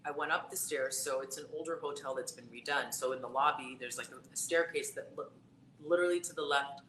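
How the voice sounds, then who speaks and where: A woman with a very deep, sharp voice, working as a psychic tarot reader, recounts something personal in a casual live-stream conversation. Her chatty storytelling is laced with fillers, heard in an echoey room with faint background noise.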